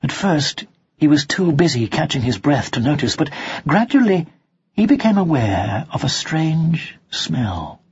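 A narrator reading a children's storybook aloud in a slow, expressive way, on a dull lo-fi recording. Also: mid-range voice, husky. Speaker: audiobook narrator.

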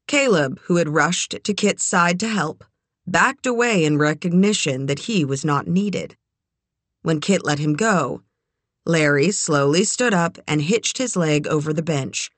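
A woman narrating a novel as an audiobook reader, in a measured, even way. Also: low voice, no room sound. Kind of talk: scripted narration.

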